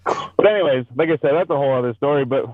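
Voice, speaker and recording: A man's voice: a little high, racing, no room sound. Man rambling over a tinny call line. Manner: rambling, profane storyteller. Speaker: podcast host. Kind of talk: casual chat over video call. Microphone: video call. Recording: dry, tinny phone-like call audio.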